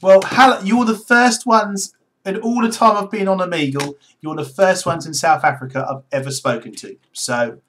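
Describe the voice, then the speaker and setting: A British man chatting casually with strangers on a video call, excitable and exclamatory. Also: high-pitched, normal speed, slight background noise. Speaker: video chat host.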